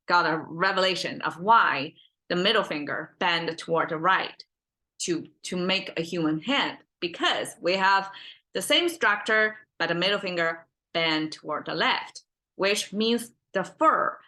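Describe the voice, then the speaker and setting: A woman's voice: on the low side, pushed and bright, poor audio. A woman hosting a Mandarin lesson, explaining words in a chatty way with fillers and restarts as she thinks aloud. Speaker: Mandarin teacher and podcast host.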